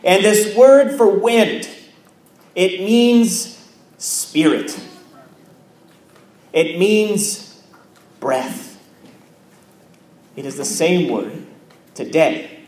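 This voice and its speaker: Pastor, male, high-pitched, slow deliberate sermon delivery in a roomy church. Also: lively intonation, a little mellow. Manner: measured preaching with repeated phrases and pauses.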